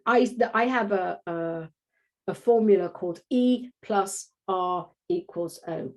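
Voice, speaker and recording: A woman parenting coach talking in a casual interview, animated, restarting her sentences often and acting out little quotes. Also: medium pitch, takes it slowly. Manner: animated, acts out quotes in voices; frequent restarts and filler phrases.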